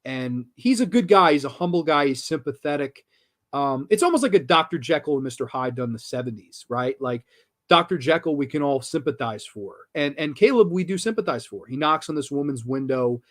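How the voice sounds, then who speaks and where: A man's voice: a little high, expressive, a little fast. A man hosting a horror film review show, talking casually and enthusiastically, with casual swearing and lots of restarts.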